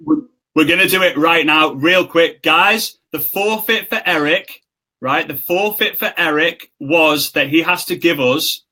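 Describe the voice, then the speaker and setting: A young man hosting a casual live stream over a video call, talking in an excitable, quick and self-mocking way. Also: a little high, poor audio. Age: young adult.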